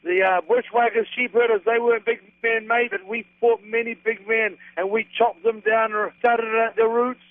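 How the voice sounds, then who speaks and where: A man's voice: very high-pitched, little pitch movement, moderate pace, few pauses, dry recording. An older man from New Zealand with a New Zealand accent, a wrestler hamming it up in a boisterous promo-style phone interview. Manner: boisterous, hammy wrestling persona full of slang. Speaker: professional wrestler guest. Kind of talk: over-the-top wrestling promo banter. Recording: tinny dry phone line.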